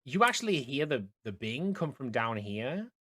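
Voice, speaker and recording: A young man narrating as dungeon master of a tabletop game, halting and full of fillers. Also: medium pitch, big pitch swings, sharp tone. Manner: hesitant, many fillers and restarts.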